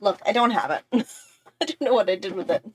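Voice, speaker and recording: A woman hosting a casual live art stream, bubbly and excitable, chatting with many fillers and quick apologies. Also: medium pitch, a little hiss or hum. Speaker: art channel host.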